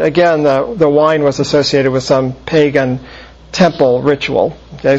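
A man preaching in a measured, explanatory way, often pausing mid-phrase as he works through a Bible passage. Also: fairly high pitch, darkish tone. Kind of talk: expository Bible teaching. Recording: muffled lo-fi recording.

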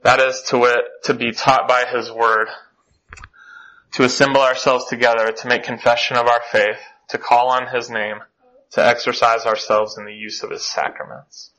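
Man leading a church class lesson, bright tone, reads quotes then comments. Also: mid-range voice, flat delivery, normal speed, highs cut off. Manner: reads quotations aloud with many fillers.

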